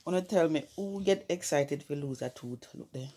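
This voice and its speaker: A woman's voice: low-pitched, a little fast, warm tone, slightly rough. A young adult woman with a Jamaican accent, chatting casually at home in a family vlog, coaxing and laughing as she mixes patois, English and French. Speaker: family vlogger.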